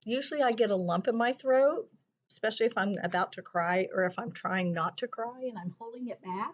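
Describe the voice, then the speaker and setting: A woman teacher gently talking children through a lesson on feelings, thinking aloud with soft hums as she colors a drawing. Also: mid-range voice. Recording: slightly dull lo-fi sound.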